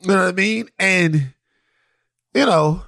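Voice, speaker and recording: A man co-hosting a podcast, telling stories in a loose, animated way with many restarts. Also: high voice, unhurried, gravelly, no echo, clean studio sound. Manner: animated storytelling, lots of restarts and "you know". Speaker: podcast co-host. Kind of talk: casual chat.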